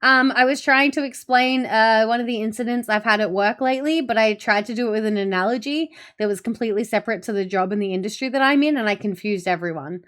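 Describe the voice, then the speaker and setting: A woman's voice: on the high side, quick pace, few pauses, a bit bright. Chatty, foul-mouthed woman streamer. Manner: rambling, profane storytelling; reads and answers chat messages. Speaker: Twitch streamer. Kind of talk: casual stream chat.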